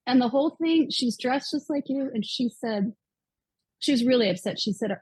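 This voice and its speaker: A woman's voice: a little high, lively intonation, fairly quick, darkish tone, husky, no room sound, poor audio. A woman in her fifties, a guest author, earnestly retelling a personal story with quoted dialogue. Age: 50s.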